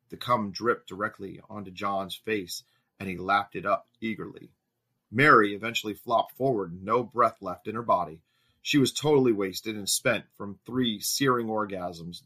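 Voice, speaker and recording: Male narrator for an erotic audio story, lowish pitch, bright, forceful tone, steady measured delivery. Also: breathy edge.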